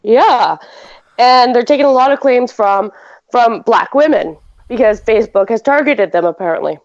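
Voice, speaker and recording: A woman hosts a casual podcast, talking in a loose, rambling way full of fillers and quick giggles. Her voice sits at an ordinary pitch. The audio is a bit dull and lo-fi. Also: lively intonation, a little mellow. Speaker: podcast host. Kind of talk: casual chat.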